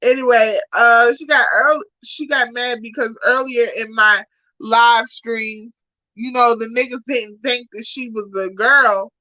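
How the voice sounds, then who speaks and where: Woman, live-stream rant, profane insults, bright sharp voice, dry close sound. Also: on the high side, steady tone, a little slow, no room sound, lo-fi sound. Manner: profane, insulting, repetitive, swings from shouting to muttering.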